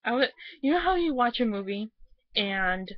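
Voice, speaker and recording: A woman's voice: a little high, expressive, moderate pace, no room sound, muffled recording. A young woman from the United States giving a casual, rambling video review, gushing with many fillers after crying. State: just finished crying. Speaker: vlogger.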